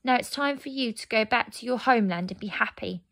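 A woman's voice: on the high side, brisk, vocal fry, fairly bright tone. A woman voicing a brave, loving young girl in a storybook reading, eager and heartfelt.

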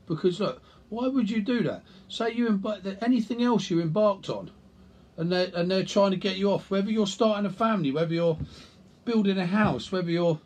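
A man's voice: high-pitched, breathy edge. Blunt chatty man. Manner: blunt, chatty, animated, swears casually. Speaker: nutrition coach and personal trainer. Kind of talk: casual talking-head vlog.

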